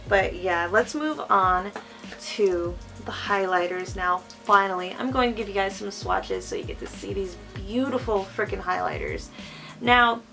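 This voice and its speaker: Woman, slight lisp, mid pitch, gushing beauty vlog chatter, faint background music. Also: bright, forceful tone. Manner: chatty, gushing, full of fillers. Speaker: beauty vlogger. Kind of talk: casual product review.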